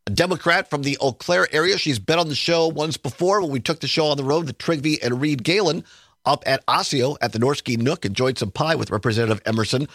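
A male talk radio host delivers a chatty, sarcastic political monologue from the studio. His voice sits a little high for a man and comes through a studio microphone, close and completely dry. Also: fairly bright tone, no echo.

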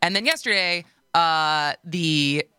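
A woman's voice: deep voice, takes it slowly, bright, forceful tone, clear, resonant tone, no room sound, studio quality. A woman hosting a radio talk show, sarcastic and loose, rambling as she searches for words.

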